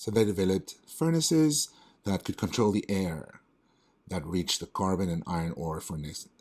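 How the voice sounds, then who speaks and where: A man working through reading test questions aloud as a tutor, thinking out loud and correcting himself as he goes. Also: low-pitched, normal speed.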